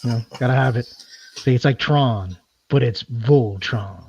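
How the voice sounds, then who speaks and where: A man's voice: medium pitch, unhurried, a little mellow, husky. Man trading jokes in podcast banter. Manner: joking, laughing banter.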